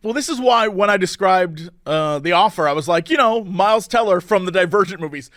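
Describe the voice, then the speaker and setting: A man co-hosting a podcast in casual chat, excitable and rambling with lots of fillers. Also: high-pitched, a little fast, no room sound, clean studio sound. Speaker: podcast co-host.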